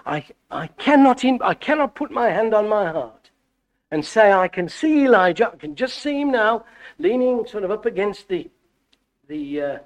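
A middle-aged man preaching a sermon, animated and full of stammered restarts. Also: moderate pace. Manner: animated, wide swings in pitch and loudness, frequent stammered restarts. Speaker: visiting preacher.

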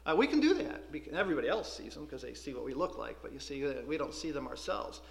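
A man teaching a Bible school class, preaching in an animated, conversational way. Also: on the high side, fast talker, creaky. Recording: echoey room.

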